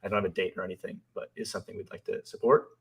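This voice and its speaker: A man's voice: deep voice, fairly even intonation, racing, slightly rough. Easygoing man answering viewer questions. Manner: reads viewer questions aloud and answers them, thoughtful and hesitant. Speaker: co-host and company founder. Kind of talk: live Q&A stream.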